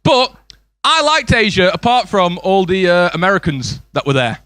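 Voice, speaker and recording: A young English comedian works the room with quick asides and crowd banter, his voice pitched a little high. The sound is dry and close, with almost no room echo. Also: sing-song, fairly bright tone, clean tone. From England. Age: 20s. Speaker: stand-up comedian. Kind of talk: stand-up comedy set. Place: comedy club stage.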